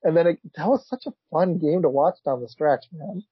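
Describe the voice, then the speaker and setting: Male podcast host, husky and a bit high, excitable; dry, dull lo-fi audio. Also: fairly quick, no echo. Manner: excitable, blurts reactions, laughs often. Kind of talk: casual sports chat.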